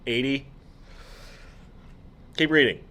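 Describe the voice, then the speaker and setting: Man, podcast co-host, casual chat, amused, incredulous, animated. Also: medium pitch, slow. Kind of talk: casual chat explaining comics.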